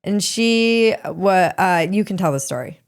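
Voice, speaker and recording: A woman's voice: medium pitch, lively intonation, unhurried, gravelly. A woman hosting a podcast, chatting casually with blunt, wry asides. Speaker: podcast host. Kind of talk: casual interview chat.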